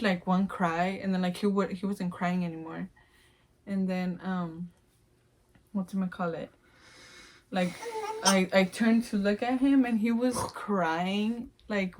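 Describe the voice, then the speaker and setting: A woman's voice: mid-range voice, steady tone, unhurried, darkish tone. Rambling young mother telling a story. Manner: rambling, full of "like" fillers, acts out her own sounds. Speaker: new mother telling her birth story. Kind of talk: casual storytelling to camera.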